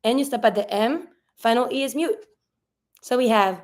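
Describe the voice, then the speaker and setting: A woman's voice: a little high, moderate pace. A woman teaching a French lesson, explaining pronunciation patiently step by step. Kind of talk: online language lesson.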